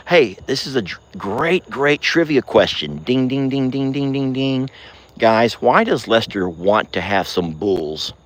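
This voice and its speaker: A man hosting a casual ranch vlog outdoors at night, drawling to viewers and cooing in a high sing-song at his cows. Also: expressive, slow. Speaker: ranch vlogger.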